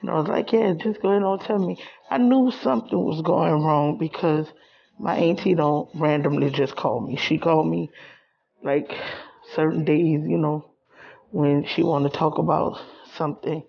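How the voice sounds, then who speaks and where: A middle-aged woman, crying as she talks haltingly in a personal vlog. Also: sits low, fairly even intonation, gravelly, highs cut off, slight background noise. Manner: tearful, halting, repeats herself. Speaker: vlogger.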